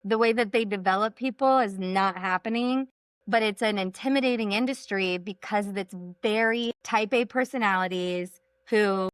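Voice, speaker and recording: A woman's voice: medium pitch, moderate pace, clean tone, dry recording. A woman from Texas, a sales coach, talking emphatically in a podcast interview and repeating her points for punch. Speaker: executive coach and sales trainer, guest.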